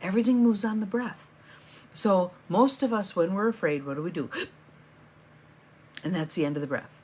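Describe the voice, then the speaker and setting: A woman's voice: mid-range voice, brisk, a little mellow, husky. A middle-aged woman hosting a live morning coaching stream, chatty and encouraging, greeting viewers by name as they join.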